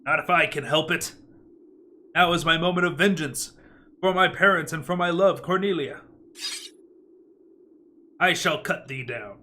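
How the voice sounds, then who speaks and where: A man's voice: fairly high pitch, measured pace, long pauses, bright, forceful tone, a little hiss or hum. A man voicing a vengeful, heartsick young hero in a stage play, declaiming melodramatically in archaic speech.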